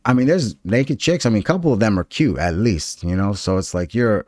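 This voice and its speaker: Brief: young male podcast co-host, low voice, dry close sound, loose joking delivery full of "man" and "dude". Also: animated, a little fast, darkish tone, dry recording. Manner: joking, rambling, says "man" and "dude" a lot. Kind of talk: casual chat.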